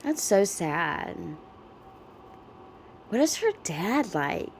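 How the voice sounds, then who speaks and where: A woman's voice: mid-range voice, big pitch swings, very slow, slight background noise. A woman giving casual, chatty reaction commentary, often exclaiming and laughing. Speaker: reaction vlogger.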